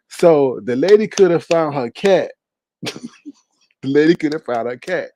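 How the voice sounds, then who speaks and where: A man hosting a casual livestream, retelling a story with lots of laughter and acting out the scenes in high voices. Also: dark tone. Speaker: livestream host reading viewer comments.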